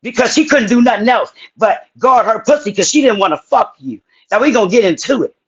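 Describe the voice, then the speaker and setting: A woman's voice: a little high, lively intonation, a little fast, breathy edge, highs cut off. A woman on a live stream angrily confronting and grilling a man, swearing heavily. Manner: angry, confrontational, profane.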